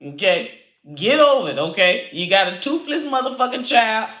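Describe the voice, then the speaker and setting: A woman comedian hosting a live stream, ranting with constant profanity in a loud, rambling way. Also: a little high, very animated, moderate pace. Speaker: comedian host. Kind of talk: live-stream comic rant. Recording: echoey room.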